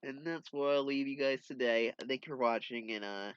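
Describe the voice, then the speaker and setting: A man's voice: medium pitch, a little fast, smooth. A man casually reading a comic aloud and breaking off for joking, profane asides. The recording is dull and lo-fi. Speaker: comic book reader.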